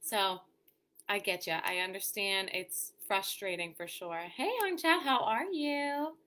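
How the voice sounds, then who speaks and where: Her mid-range voice is animated and sharp, a little slow, as she hosts a casual weekly live show for mothers and answers comments from viewers, leaning heavily on "you know" and "um."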